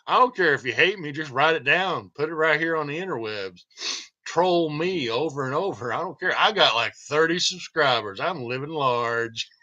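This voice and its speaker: A man's voice: on the high side, lively intonation, moderate pace, bright, forceful tone, muffled recording. A man hosting his own channel, rambling and joking through a casual livestream monologue and laughing often. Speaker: channel host.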